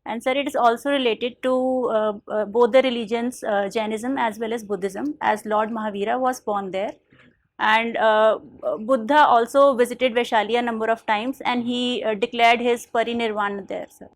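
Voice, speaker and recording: A young woman from India answering a formal interview panel politely, often saying "sir" and pausing with fillers. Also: fairly high pitch, fairly even intonation, no room sound. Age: young adult. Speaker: interview candidate.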